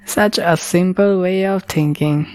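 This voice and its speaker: A woman voicing an ancient, grumpy male dragon who speaks slowly with dry amusement. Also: lowish voice, steady tone, darkish tone, no echo, lightly acted. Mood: amused. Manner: slow, grumbling, dryly amused.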